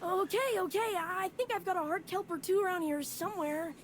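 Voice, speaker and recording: A woman's voice: very high-pitched, brisk, a little hiss or hum. A woman voicing a shy, nervous young hermit crab who stammers hesitantly.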